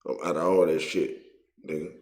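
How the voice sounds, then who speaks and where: A man's voice: low-pitched, level tone, normal speed, a little mellow, reverberant. A man hosting his own video, giving a heated, profane commentary full of street slang. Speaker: online video host.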